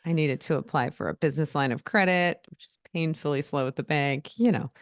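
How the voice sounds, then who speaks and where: A woman's voice: deep voice, a little fast, clear, resonant tone, no room sound, studio quality. A woman co-hosting a podcast in casual chat, talking openly with frequent "like" and "um" fillers. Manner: chatty and open, with frequent "like" and "um" fillers. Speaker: podcast co-host.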